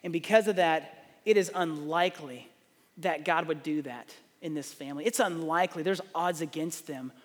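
A man's voice: fairly high pitch, moderate pace, long reverb tail. A middle-aged man, preaching a sermon, telling stories and acting out the dialogue. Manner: animated storytelling, acts out dialogue. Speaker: pastor.

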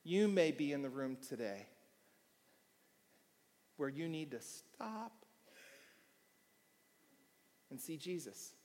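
A man preaching a sermon as pastor, telling a story with quiet asides and bursts of shouting. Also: a little high, very animated, slow, long pauses. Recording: long hall reverb.

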